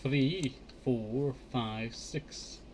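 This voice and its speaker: A man's voice: mid-range voice, drawn-out words, darkish tone, slight background noise. A man streaming a survival game, counting blocks under his breath and chatting to himself. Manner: mutters counts under his breath, flares up in annoyance at mobs. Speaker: Minecraft streamer. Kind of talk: casual gameplay commentary. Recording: clear keyboard clicks behind the voice.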